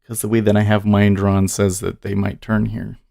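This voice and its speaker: A man's voice: fairly low pitch, little pitch movement, moderate pace, gravelly, warm tone, dry recording, studio quality. A man hosting a live day-trading stream, chatting casually and rambling as he reads viewer comments aloud. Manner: rambling, self-deprecating, reads chat aloud. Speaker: day trading livestream host.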